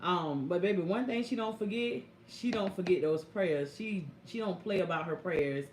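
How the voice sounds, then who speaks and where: A young woman caregiver telling stories on a live stream, speaking AAVE and talking to viewers in a lively, chatty way. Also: on the low side, normal speed, slight background noise. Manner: animated, chatty, addresses viewers as y'all and baby. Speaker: caregiver vlogger. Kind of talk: casual live-stream storytelling. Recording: echoey room.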